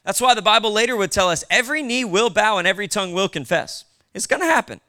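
Male pastor, fairly high, crisp and bright voice, chatty preaching delivery. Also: expressive, fast. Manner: casual, conversational preaching with asides. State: short on sleep. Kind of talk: sermon.

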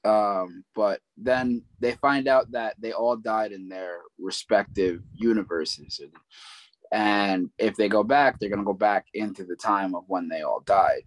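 A man with a fairly low voice chats loosely about a film. He retells it in a rambling way, with plenty of ums and likes. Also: a little slow, low-quality recording. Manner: rambling retelling with many fillers. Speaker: movie recap co-host. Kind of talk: casual chat.

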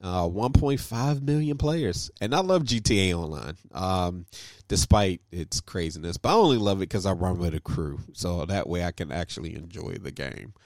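A man co-hosting a casual gaming podcast, animated and laughing often, his voice jumping high when excited. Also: moderate pace, no echo. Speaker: podcast co-host.

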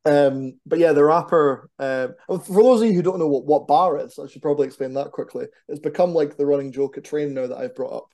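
A man, a wrestler, chatting casually as a podcast guest in an animated, rambling, self-deprecating way. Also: on the high side, brisk, few pauses. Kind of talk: casual chat.

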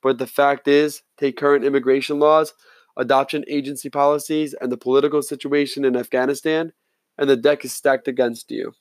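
A man's voice: medium pitch, little pitch movement, fairly quick, dry recording, natural voice. A man voicing an affable, chatty middle-aged lawyer who apologizes often, in a story reading. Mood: explaining.

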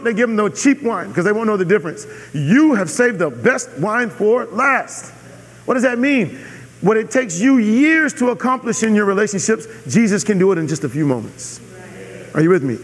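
High-voiced preacher in a reverberant hall. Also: male voice. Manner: emphatic, repeats key phrases, asks audience "are you with me". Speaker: pastor. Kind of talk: sermon.

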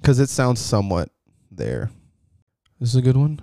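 A man's voice: medium pitch, big pitch swings, normal speed. A young man co-hosting a casual podcast, joking around and laughing often. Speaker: podcast co-host. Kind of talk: casual chat.

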